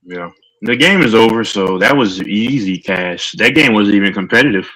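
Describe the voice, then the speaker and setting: A man's voice: fairly low pitch, expressive, normal speed, pushed and bright, poor audio. A man hosting casual sports chat, teasing his co-hosts with laughing banter.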